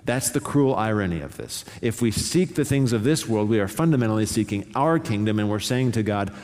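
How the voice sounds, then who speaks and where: A pastor preaching a sermon with earnest, shifting emphasis and the occasional soft laugh. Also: male voice, on the low side, animated, a little fast, few pauses. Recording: hall reverb.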